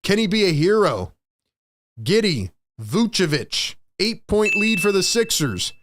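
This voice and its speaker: A man hosting a live play-by-play reaction stream. He swings between hyped shouting and frustrated muttering and repeats lines for emphasis. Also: sits high, very animated, unhurried, background noise. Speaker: sports stream host.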